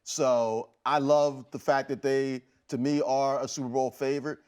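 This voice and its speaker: A man on a studio sports panel, laying out his views in a measured, steady way. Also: mid-range voice, clean tone. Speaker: team writer on a panel. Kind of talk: casual panel chat.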